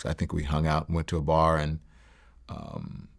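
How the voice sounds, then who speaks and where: A middle-aged man telling his life story in a sit-down interview, reflective and halting, with many fillers and restarts. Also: a bass voice, little pitch movement, vocal fry. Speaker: interview guest.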